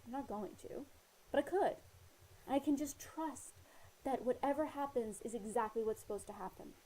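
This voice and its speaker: A woman's fairly high, dark-toned voice moves at normal speed on poor audio. In casual personal talk to camera, this Australia-based vlogger earnestly shares advice, rambling a little and leaning on fillers and retold dialogue.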